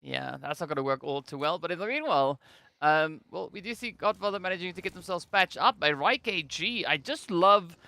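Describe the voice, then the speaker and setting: Bright-voiced South African esports caster. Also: male voice, high voice, lively intonation, brisk, vocal fry. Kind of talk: live esports commentary.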